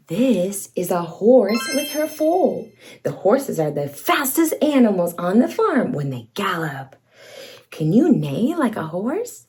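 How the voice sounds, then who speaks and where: A woman's voice: on the high side, big pitch swings, slow pace, darkish tone. A woman hosting a toddler learning video, reading aloud in an exaggerated sing-song voice, with gasps, cheers and animal sounds. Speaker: children's educational show host.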